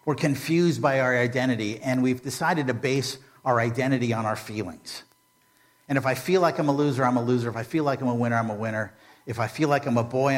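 A man preaching a sermon in a conversational, humorous way, full of rhetorical questions. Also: medium pitch. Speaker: pastor.

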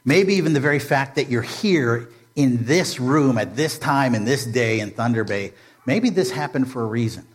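A man's voice: medium pitch, animated, moderate pace. A man preaching a sermon in a conversational, humorous way, full of rhetorical questions. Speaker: pastor.

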